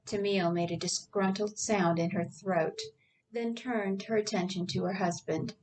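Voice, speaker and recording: A woman author reading her own novel aloud in a plain, unhurried way with small slips. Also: lowish voice, steady tone, a little mellow, recorded from a distance, low-quality recording.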